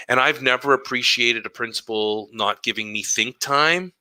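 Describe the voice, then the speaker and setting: Bright-voiced male educator telling stories. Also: mid-range voice, normal speed, few pauses, no echo, low-quality recording. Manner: animated storytelling, acts out quoted dialogue. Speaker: podcast co-host, educator. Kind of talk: casual chat.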